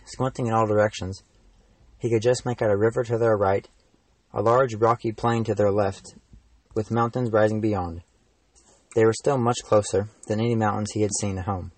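A teenage man, the author, reading his own fantasy novel aloud in steady, even narration. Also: on the low side, normal speed, no echo, low-quality recording. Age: teens.

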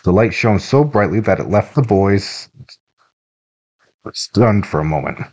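Man, audiobook narrator, steady even reading, very deep voice, muffled lo-fi audio. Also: measured pace, slightly rough. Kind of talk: scripted narration.

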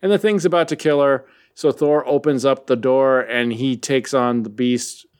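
A man's voice: medium pitch, fairly even intonation, moderate pace, darkish tone, clean tone. Joking man recapping comics. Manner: joking, rambling. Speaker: podcast co-host. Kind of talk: casual comic book recap.

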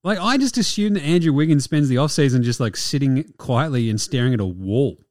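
A man's voice: mid-range voice, lively intonation, fairly quick, a little mellow, dry recording, studio quality. A young Australian man hosting a sports podcast, talking in a blunt, sweary, jokey way. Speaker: podcast host. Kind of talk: casual sports podcast chat.

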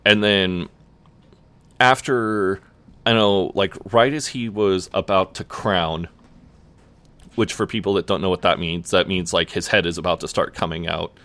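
A young man telling a personal story in casual chat, relaxed and full of fillers and swearing. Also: low-pitched, unhurried, no room sound. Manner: laid-back, swears often, lots of "like" fillers. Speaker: podcast co-host.

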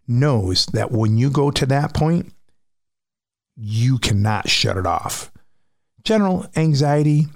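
Frank, gravelly man telling a story. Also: mid-range voice, no room sound, clean studio sound. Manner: frank and profane, vivid retelling. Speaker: musician recounting a personal story. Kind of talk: candid personal storytelling.

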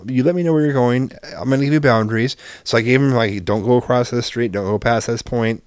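A man's voice: mid-range voice, quick pace, dry recording, studio quality. A man casually telling a story about his child, acting out the dialogue and swearing freely. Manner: animated, acts out both sides of dialogue, swears freely.

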